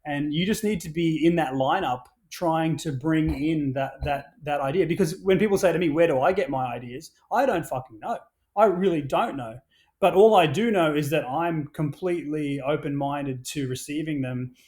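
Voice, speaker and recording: A man on a podcast, his voice pitched a little high. He tells his stories in an animated rush, full of restarts and casual swearing. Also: normal speed. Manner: animated storyteller, swears freely, many restarts. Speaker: podcast guest, brand founder.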